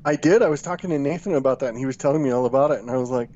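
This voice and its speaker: A man's voice: medium pitch, rapid-fire, dark tone, muffled recording. A man calling in to a podcast to chat about his game studio's releases, joking and laughing often. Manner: jokey, laughs often, puts on gruff ogre voice. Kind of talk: casual chat on a call-in podcast.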